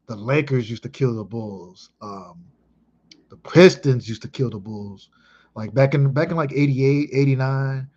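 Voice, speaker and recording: A man in his thirties from Chicago talks through an old memory, emphatic and full of swearing. His voice sits at a medium pitch. The recording sounds dull and lo-fi. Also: slightly rough. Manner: excitable, emphatic, heavy swearing. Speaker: vlogger. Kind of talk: casual reminiscing monologue.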